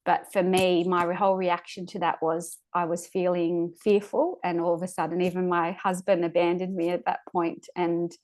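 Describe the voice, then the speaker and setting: Low, flat-voiced woman telling a birth story. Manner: halting, searching for words, frequent restarts. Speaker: podcast guest. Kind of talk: recounting a personal birth story.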